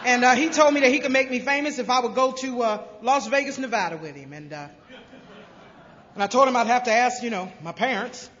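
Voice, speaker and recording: Forceful woman speaking in a reverberant hall. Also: on the high side, fairly quick, a little hiss or hum. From Greenville, South Carolina. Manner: lively storyteller who acts out voices with humor. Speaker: recovery speaker. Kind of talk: personal recovery story told to a crowd. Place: large convention hall. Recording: dull lo-fi convention hall recording with long reverb.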